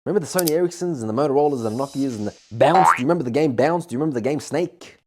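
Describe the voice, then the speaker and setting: A young man, chatting to camera about his music in a jokey, animated way, sometimes breaking into song. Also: medium pitch, racing, background noise. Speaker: musician and vlogger. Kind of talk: casual storytelling to camera.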